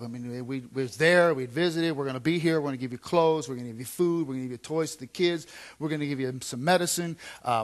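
A man, a pastor, preaching a sermon in a conversational way, repeating phrases and swinging from quiet asides to loud emphatic lines. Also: on the high side.

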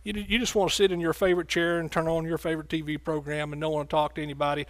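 A man's voice: on the high side, level tone, rapid-fire. A man preaching a sermon in a folksy, joking way.

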